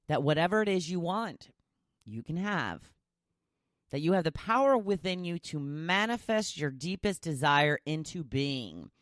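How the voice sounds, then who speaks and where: Recorded in a clean studio with no room sound, a woman with a deep voice hosts her podcast alone. She starts off chatting casually, joking and laughing at herself, and ends up encouraging and motivating her listeners.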